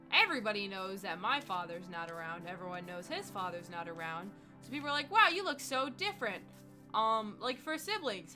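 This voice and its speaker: Young woman streamer, bright tone, rambling storyteller, soft music underneath. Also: mid-range voice. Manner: chatty, rambling, animated retelling. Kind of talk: casual storytelling while gaming.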